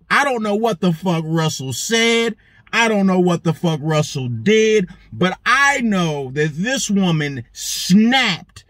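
A man's voice: sits high, takes it slowly, dry recording. A man hosting a show, telling a story in a profane monologue and acting out the lines of the people in it. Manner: animated, swears heavily, acts out quoted lines. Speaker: show host.

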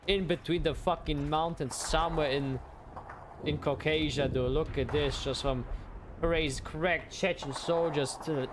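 A young man giving casual, profane gameplay commentary as a streamer, excitable and quick to outbursts. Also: fairly high pitch. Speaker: gaming streamer.

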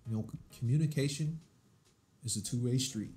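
A man's voice: medium pitch, fairly quick, mellow, faint music behind. A man co-hosting a game playthrough, cracking mock-serious jokes and teasing his partner in casual banter. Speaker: let's play co-host.

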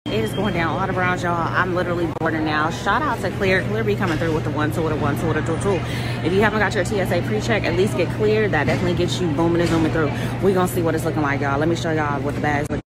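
A woman's voice: sits low, fast, very noisy. A woman vlogging on her phone while travelling, venting to her viewers about airport trouble and swearing freely. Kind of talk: casual vlog to camera. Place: airport terminal and shuttle.

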